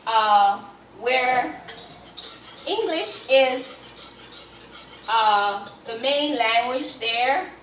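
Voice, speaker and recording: Jamaican woman hosting a cooking live stream; encouraging, calls everyone guys; slightly high voice, echoey room. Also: animated, drawn-out words, pauses often, a bit bright, slight background noise. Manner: chatty, encouraging, addresses viewers as guys. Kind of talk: casual live-stream chat while cooking.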